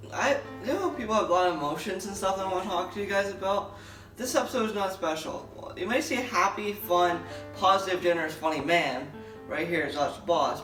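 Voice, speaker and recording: Earnest young man with a bright voice. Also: sits high. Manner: earnest, halting, with many restarts. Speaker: vlogger. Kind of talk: personal talk to camera.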